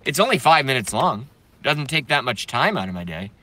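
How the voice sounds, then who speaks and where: A man ranting angrily and profanely while reading viewer comments, swinging between yelling and mumbling. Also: mid-range voice, very animated, fairly quick, no room sound. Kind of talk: angry political rant and comment reading.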